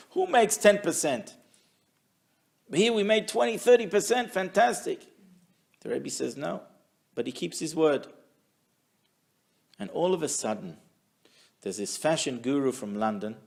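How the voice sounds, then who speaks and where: A man teaching a weekly Torah class who tells stories in a lively way and acts out the people in them. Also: a little high, creaky. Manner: animated storyteller, acts out quotes. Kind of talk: storytelling Torah lesson.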